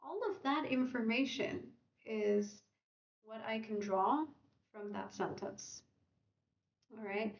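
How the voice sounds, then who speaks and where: A woman's voice: a little high, slow, long pauses, recorded from a distance. Woman, English teacher, livestream lesson, explanatory, roomy dull sound. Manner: explanatory, checks in with "okay?" and "right?"; acts out example sentences with lively intonation.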